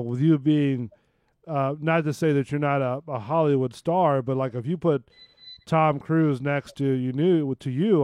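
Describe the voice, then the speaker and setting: A man's voice: mid-range voice, darkish tone, no room sound. A man hosting a casual interview chat, supportive and encouraging toward his guest. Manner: supportive, short backchannels.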